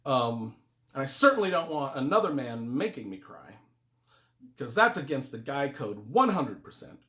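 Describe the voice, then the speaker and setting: A man's voice: medium pitch, big pitch swings, normal speed, pushed and bright. Man, earnest book reviewer, casual and emotional, voice rises and falls a lot; rambles and restarts. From United States.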